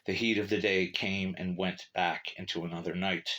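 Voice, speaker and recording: A man narrating a short story in a measured, steady reading. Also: low voice.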